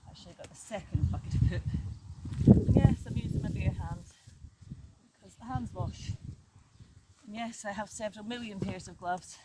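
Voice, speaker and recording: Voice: medium pitch, very animated, moderate pace, pauses often, heavy background noise. An older vlogger chatting casually in a matter-of-fact way while working outdoors in a garden. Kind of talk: casual chat.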